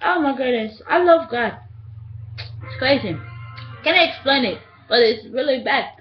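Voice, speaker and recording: A woman's voice: high-pitched, animated, a little slow, faint music behind. A young woman vlogging casually to her webcam, playful and giggly, often slipping into sing-song. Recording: dull lo-fi webcam audio.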